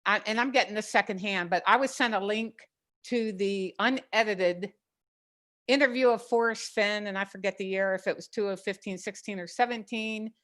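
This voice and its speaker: A woman co-host on a live stream, talking casually and joking in a quick, animated way. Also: mid-range voice.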